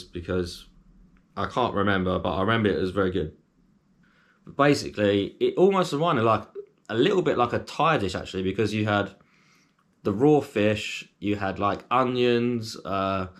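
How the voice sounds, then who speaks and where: Low-voiced chatty male food vlogger. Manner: chatty, rambling, with frequent ums and fillers. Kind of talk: casual food review to camera.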